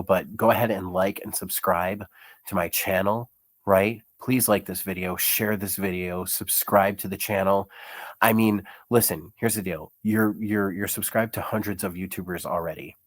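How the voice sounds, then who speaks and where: A man's voice: sits low, fairly even intonation, moderate pace, dry recording. A young man with chest congestion, sick, chatting casually through a commentary vlog, chuckling often and rambling with lots of fillers. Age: young adult. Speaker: YouTuber reading comments.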